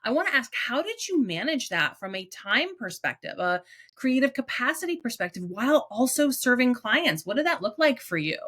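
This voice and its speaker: Host: woman, bright and crisp voice, affirming, chatty interviewer. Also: a little high, very animated. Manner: affirming, quick back-channel responses. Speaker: podcast host. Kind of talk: candid podcast conversation.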